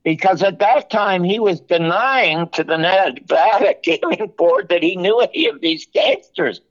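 An older man, a television producer, telling animated stories in an interview and acting out the dialogue. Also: high voice, a little slow. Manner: animated anecdote-telling, acts out quoted dialogue. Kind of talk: storytelling interview. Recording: muffled, lo-fi audio.

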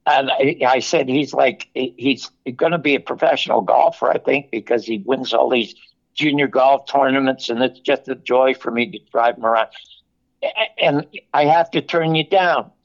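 An older man, a television producer, telling animated stories in an interview and acting out the dialogue. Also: mid-range voice, normal speed. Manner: animated anecdote-telling, acts out quoted dialogue. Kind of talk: storytelling interview. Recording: muffled, lo-fi audio.

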